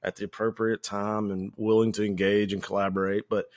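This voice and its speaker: A man co-hosting a podcast, casually telling a firehouse story in a relaxed, anecdotal way and acting out the lines of the people in it. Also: fairly low pitch, brisk. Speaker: podcast co-host; firefighter.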